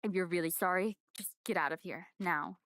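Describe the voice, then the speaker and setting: A woman's voice: fairly quick, no room sound, clean studio sound. A woman doing a cold, stern girl detective. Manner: curt, scolding, low and quiet.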